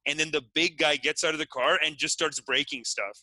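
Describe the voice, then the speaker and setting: A man's voice: on the high side, brisk, sharp tone, no echo, poor audio. A man co-hosting a casual podcast chat, telling stories with laughs and stumbling restarts. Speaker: podcast co-host.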